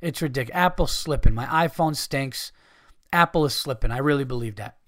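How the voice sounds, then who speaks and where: A man's voice: medium pitch, normal speed, fairly bright tone, no room sound, clean studio sound. A man hosting a podcast, ranting in a profane, exasperated way. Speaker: podcast host. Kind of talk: casual ranting monologue.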